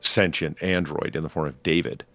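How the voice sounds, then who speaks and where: Podcast co-host, male, very low gravelly voice, sarcastic and profane, faint music underneath. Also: fairly even intonation, normal speed, a bit bright, dry recording. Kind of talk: casual chat reviewing a film.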